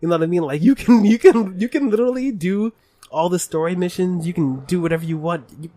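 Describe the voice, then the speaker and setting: A tipsy young man co-hosting a podcast, excitable and swearing a lot, laughing often. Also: high-pitched, fast, no echo. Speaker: podcast co-host. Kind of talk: casual chat.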